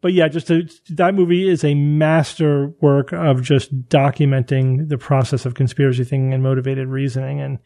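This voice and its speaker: A man's voice: medium pitch, normal speed, few pauses. A man hosting a casual science podcast, reading out listener emails and acting out quotes with lots of restarts. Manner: animated, acts out quotes, frequent restarts. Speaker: podcast host.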